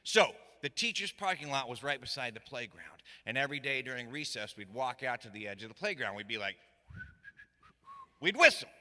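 A middle-aged man from Virginia, telling a comic story live on stage with dry asides and loud shouted lines. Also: medium pitch, very animated, a little fast. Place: stage in a hall. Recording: echoey hall reverb.

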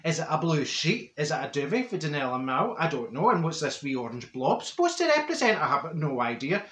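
A man's voice: a little high, very animated, brisk, a bit bright. Comic character: a man as a straight-talking middle-aged Glasgow woman, broad Glaswegian, raised voice, echoey room. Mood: gossipy. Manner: blunt, gossipy, laughs often, broad Scots words. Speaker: comedy character monologue. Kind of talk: comic storytelling monologue. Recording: roomy echo.

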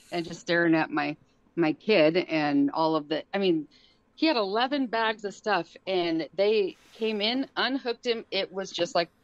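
A woman telling a story on a podcast in a casual way, acting out the quotes in a high, excited voice. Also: no echo, highs cut off. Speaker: guest.

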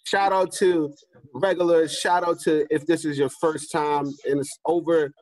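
A man hosting a casual video call reunion, talking in an excited, emotional and rambling way. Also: fairly high pitch, a little slow. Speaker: host.

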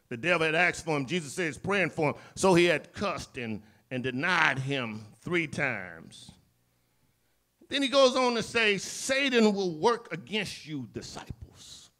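A Southern-accented male pastor preaches in a church sanctuary, his voice high and bright with a forceful edge. He acts out scripture dialogue and swings between loud cries and hushed, low lines. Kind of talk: sermon.

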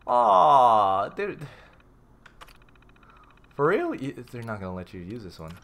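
A man casually commenting on a game as he plays, reading notes aloud, swearing and reacting loudly. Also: medium pitch, wildly swooping pitch, slow pace, gravelly. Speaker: gameplay streamer. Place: home room with a cat.

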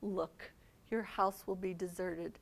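A woman reading aloud the words of an angry, grieving male prophet, scolding loudly and then lamenting quietly. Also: medium pitch, big pitch swings, takes it slowly.

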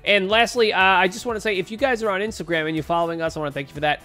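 A man's voice: sits high, very fast, pushed and bright, faint music behind. A tired man co-hosting a casual podcast chat, who talks in bursts full of restarts and repeated words. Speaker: podcast co-host.

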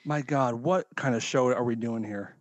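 A man's voice: medium pitch, moderate pace, no echo. A man co-hosting a podcast over a remote call, joking and rambling with lots of swearing. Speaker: podcast co-host. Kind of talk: casual chat.

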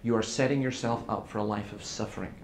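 In an echoey hall with faint room noise, a man with a lowish voice and steady tone speaks fast. He is a preacher giving an earnest seminar talk, relating stories that feature quoted dialogue.

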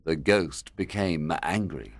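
A man narrating a story and reading quiz questions for English learners, measured and deliberate. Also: rumbling low, lively intonation, gravelly, no room sound, studio quality.

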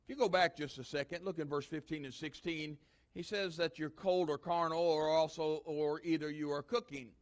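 A man's voice: fairly high pitch, fairly even intonation, moderate pace. A man preaching a sermon as pastor, emphatic and repetitive, building force through repeated lines.

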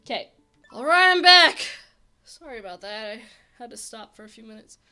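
A young woman giving casual, excitable game commentary and chatting to the characters on screen. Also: a little high, moderate pace, clean tone, faint music behind. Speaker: let's play host.

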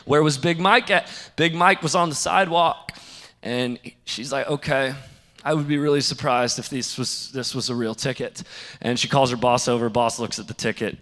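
A young man preaching a sermon, telling a story in a lively way and acting out the other people's lines. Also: medium pitch, moderate pace, big-room sound. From St. Louis area. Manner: animated, acts out quoted voices. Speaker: pastor.

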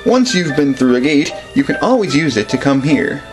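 A man's voice: on the high side, very animated, normal speed, over music, poor audio. A man playing a helpful old guardian. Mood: explaining.

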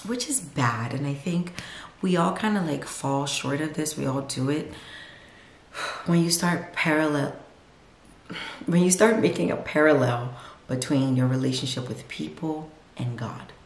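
A woman's voice: deep voice, unhurried. A young woman in her twenties talking candidly in a home vlog, rambling and confessional, filled with "like". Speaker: vlogger. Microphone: camera mic, no lapel. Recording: echoey room on camera mic.

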